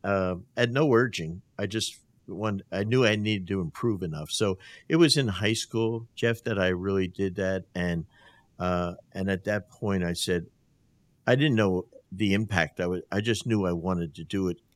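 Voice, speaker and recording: An older man with a very low, deep voice, from New Jersey, tells coaching stories in a relaxed interview. He acts out the people he quotes and laughs along as he goes. The sound is dry and close, with no room in it. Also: normal speed, no echo. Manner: animated storyteller who acts out quotes, laughs often. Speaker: guest, basketball coach. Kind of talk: casual storytelling interview.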